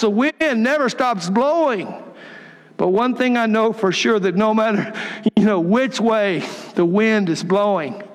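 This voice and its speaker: A pastor preaching a sermon in a church, emphatic and repetitive, sometimes dropping to a soft near-whisper. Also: male voice, high-pitched. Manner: emphatic, repeats key phrases, drops to a soft near-whisper. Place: church sanctuary. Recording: long reverb of a large church hall.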